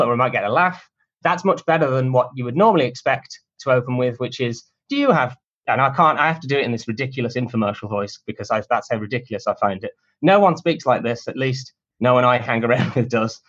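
A man answers interview questions in a relaxed, chatty way, with cheeky self-deprecating humor. His voice sits at a medium pitch. The recording sounds dull and lo-fi. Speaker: guest, cold email marketer. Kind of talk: casual conversational interview answers.

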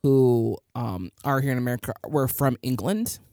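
A young woman co-hosting a podcast, rambling casually with many halting restarts. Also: very deep voice, dark tone, no echo, clean studio sound. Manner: rambling, halting, full of fillers. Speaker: podcast co-host. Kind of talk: casual chat.

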